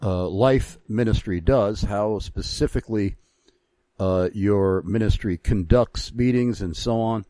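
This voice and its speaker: A man hosting a Christian radio interview show, reading an ad and then questioning his guest with measured, halting phrasing. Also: lowish voice, warm tone, no echo.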